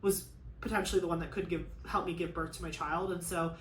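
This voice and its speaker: Crafting on camera, a woman rambles and vents her frustration, sprinkling "like" throughout her casual chat. Her voice is fairly low and quick with fairly even intonation, captured in an echoey room with faint ambience plus a little hiss or hum.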